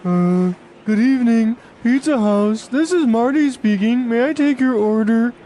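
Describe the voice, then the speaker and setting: A woman's voice: a little high, measured pace, dark tone, a little hiss or hum, natural voice. A woman reading the part of a polite pizza shop clerk taking a phone order in a scripted dialogue. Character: polite young male pizza clerk Marty.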